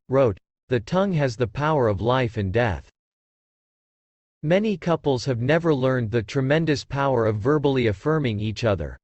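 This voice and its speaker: A man giving a scripted narration of a book summary in a calm, measured reading voice. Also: mid-range voice, no echo.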